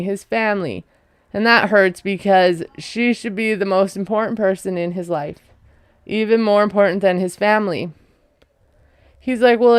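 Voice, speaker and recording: A woman's voice: mid-range voice, clean tone, dry recording, studio quality. A woman giving a chatty, opinionated recap of a reality show, laughing often as she talks. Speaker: recap vlogger. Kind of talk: casual recap commentary.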